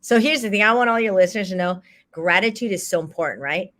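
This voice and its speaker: A woman's voice: medium pitch, fast talker. A woman guest chatting casually, animatedly acting out little quoted exchanges as she explains her point. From grew up in a Chinese cultural setting. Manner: animated, acts out quoted phrases. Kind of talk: casual conversational chat.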